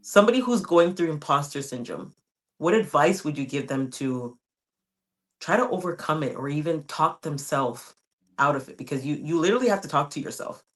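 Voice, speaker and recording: A woman with a notably low-pitched voice hosts a podcast interview. She talks in a relaxed, conversational way, affirming and encouraging her guest as they chat. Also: moderate pace. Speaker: podcast host.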